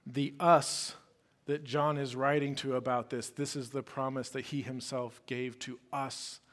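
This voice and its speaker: A man's voice: medium pitch, level tone, unhurried, a bit bright. A man preaching a sermon as pastor, conversational and emphatic, with rhetorical questions.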